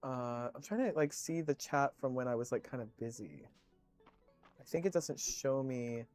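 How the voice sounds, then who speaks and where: A man's voice: medium pitch, expressive, normal speed, darkish tone, faint music behind. A man streaming, chatting casually with viewers, telling rambling stories full of swearing and fillers.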